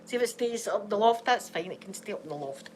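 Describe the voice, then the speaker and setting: A woman's voice: medium pitch, lively intonation, fast, darkish tone, a little hiss or hum. A woman with a Scottish accent, unwell, chatting casually and rambling in a home vlog. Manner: chatty, rambling, laughs often. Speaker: vlogger.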